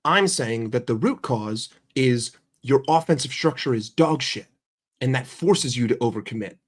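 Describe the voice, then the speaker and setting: A man's voice: medium pitch, animated, normal speed, breathy edge. A young man ranting on a livestream about his football team, swearing a lot and firing questions at his chat. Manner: profane, heated and argumentative. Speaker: football streamer.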